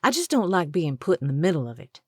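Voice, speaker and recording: A woman's voice: fairly low pitch, quick pace, husky, no echo, studio quality. A woman voicing a blunt, no-nonsense young woman who speaks firmly and directly in an audiobook. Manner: firm, flat, direct. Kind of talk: audiobook character voice.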